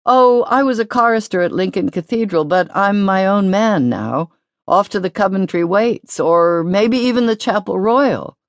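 A woman's voice: mid-range voice, lively intonation, no room sound, pitched above the performer's own voice, lightly acted. A woman voicing a confident, witty teenage boy chorister in an audiobook, bantering and theatrical. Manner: quick, bantering, theatrical when reciting.

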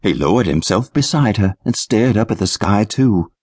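Male narrator for a kids' adventure audiobook, lively reads, slightly husky, dry studio sound. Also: lowish voice, normal speed, no echo. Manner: lively, expressive storytelling. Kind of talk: scripted narration for children.

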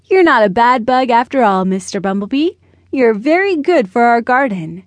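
A woman voicing an excited, curious little boy in a children's storybook. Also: fairly high pitch, moderate pace, dry recording, lightly acted. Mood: grateful. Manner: eager, wide-eyed.

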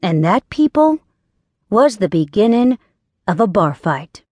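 A woman's voice: medium pitch, sing-song, a little slow, darkish tone, no echo. A woman narrating a first-person audiobook in a wry, dry storytelling manner.

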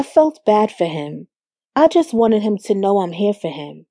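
Woman narrator for first-person fiction, measured, mellow tone, dry studio sound. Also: medium pitch, big pitch swings, no echo. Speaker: audiobook narrator. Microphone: studio microphone.

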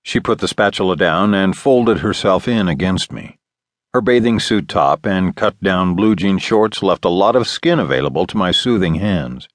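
A man's voice: sits low, animated, moderate pace, dry recording. A man narrating an audiobook in the first person, in a wry storytelling manner. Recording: dry studio booth.

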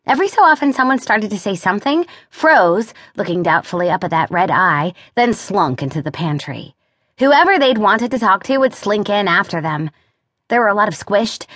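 Woman audiobook narrator, middle pitch, wry and expressive; close, dry studio read. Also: dry recording. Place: recording studio. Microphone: close studio mic.

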